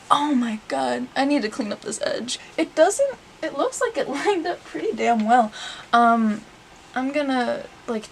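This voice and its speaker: A young woman talking excitedly to her camera at home, gasping and often dropping to a whisper. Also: a little high, a little hiss or hum. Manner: excited and breathless, gasps and often whispers to herself. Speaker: vlogger. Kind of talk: casual vlog monologue.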